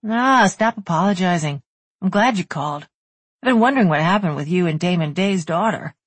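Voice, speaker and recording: Hörbuch: Frau liest gelassenen älteren Bärenwandler-Bruder, leise und beruhigend. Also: female voice, fairly low pitch, lively intonation, brisk, husky, dry recording. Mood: reassuring. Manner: gentle, reassuring. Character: warm steady older male bear-shifter brother.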